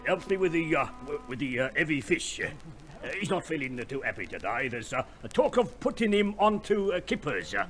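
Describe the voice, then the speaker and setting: A flustered old colonel. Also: male voice, a little high, sing-song, a little fast, a bit bright, faint music behind. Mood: stammering. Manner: plummy, hesitant, full of ums. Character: pompous older colonel, flustered and stuffy. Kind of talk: 1950s radio play acting.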